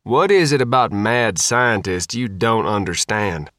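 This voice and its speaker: A man's voice: fairly low pitch, lively intonation, measured pace, a bit bright, dry recording, studio quality. A man reading an audiobook, voicing a cheerful, eccentric doctor who calls himself a mad scientist. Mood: gleeful. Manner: gleefully detached.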